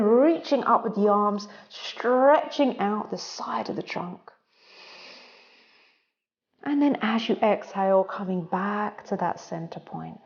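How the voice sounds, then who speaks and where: A woman yoga instructor giving slow, calm, soothing breathing and stretching cues. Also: a little high, highs cut off.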